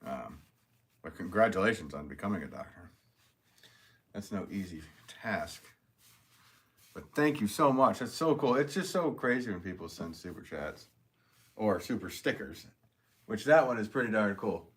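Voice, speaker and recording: A man with a notably low voice hosts a casual live stream and reads viewer comments aloud. He is upbeat and chatty, laughs often and thanks people warmly. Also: expressive, moderate pace, pauses often. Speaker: potter hosting a live stream.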